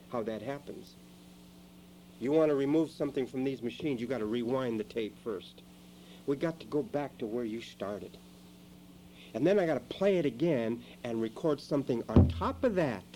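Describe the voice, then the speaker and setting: A man preaching a sermon in a church, dramatic, moving between quiet asides and loud emphatic lines. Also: mid-range voice, moderate pace, long pauses, a little hiss or hum, poor audio.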